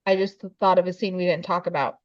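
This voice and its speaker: Animated woman retelling scenes, dull dry mic. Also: lowish voice, no echo. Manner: animated, acts out scenes in quick voices. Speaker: podcast co-host. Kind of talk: casual film review chat.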